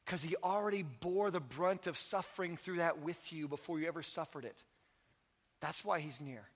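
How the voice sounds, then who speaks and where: A man preaching a sermon as pastor, telling stories with energy and then dropping to soft, intimate emphasis. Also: fairly high pitch, normal speed, husky. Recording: long hall reverb.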